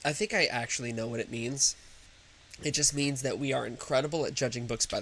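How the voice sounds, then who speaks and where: A man's voice: mid-range voice, fairly even intonation, a little fast, a bit bright, a little hiss or hum. A young man co-hosting a casual gaming podcast, joking and enthusiastic as he talks. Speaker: podcast co-host.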